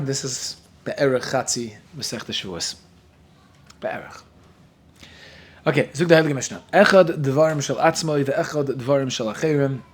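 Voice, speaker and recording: A man whose first language is Yiddish, teaching a Talmud class in a lively, joking way. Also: medium pitch, breathy edge. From Williamsburg, Brooklyn. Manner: lively, joking, mixes Hebrew and Yiddish terms into English.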